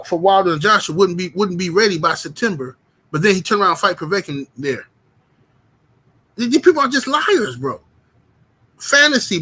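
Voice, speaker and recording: A man with a fairly high voice hosts a boxing livestream. He argues his case with emphasis, calls out names from the chat and keeps checking in with "right?". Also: pushed and bright. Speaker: boxing commentary host. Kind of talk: livestream commentary with chat shout-outs.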